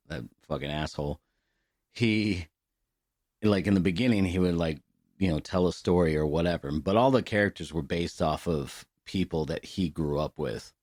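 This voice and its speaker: A man's voice: deep voice, a little mellow, no room sound, clean studio sound. A middle-aged man co-hosting a podcast, telling loose, profane stories with plenty of laughter. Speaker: podcast co-host. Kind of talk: casual podcast chat.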